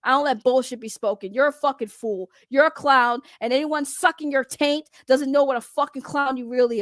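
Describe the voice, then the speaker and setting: Woman vlogger, high voice, heated profane rant, dry close sound. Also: no echo. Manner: heated, profane, repetitive ranting. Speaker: commentary vlogger. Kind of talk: reaction commentary rant.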